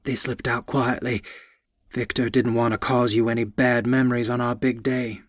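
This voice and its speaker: A man narrating an audiobook, voicing a gentle young man in a soft, reassuring way. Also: medium pitch, level tone, moderate pace, no room sound, clean studio sound, natural voice.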